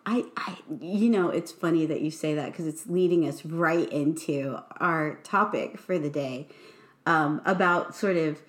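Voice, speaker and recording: A chatty, giggly woman hosts a casual podcast, her voice pitched a little low for a woman. She laughs easily and pokes fun at herself. The room around her sounds roomy and echoey. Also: measured pace. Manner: giggly, chatty, self-deprecating. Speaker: podcast host. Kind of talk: casual chat.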